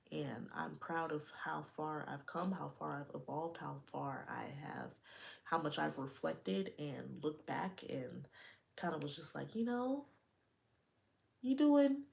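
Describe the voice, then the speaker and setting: A woman's voice: deep voice, vocal fry, slight background noise. A young woman hosting her own podcast, talking openly and casually in slangy speech, straight to her listeners. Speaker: podcast host. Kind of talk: casual personal talk.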